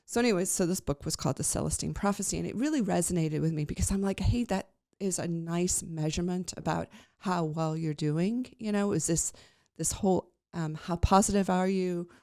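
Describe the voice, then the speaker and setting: Woman with a gravelly voice, telling a story. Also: lowish voice, brisk, hardly any pauses, a little mellow, dry recording, clean studio sound. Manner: chatty, rambling, full of fillers and restarts. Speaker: podcast host. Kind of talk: personal storytelling on a podcast.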